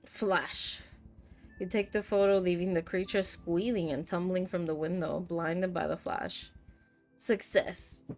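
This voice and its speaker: Woman streamer, lowish gravelly voice, reads game narration aloud over faint music. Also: fairly even intonation, unhurried. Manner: reads narration in second person, breaks into laughs. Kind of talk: reading game text aloud.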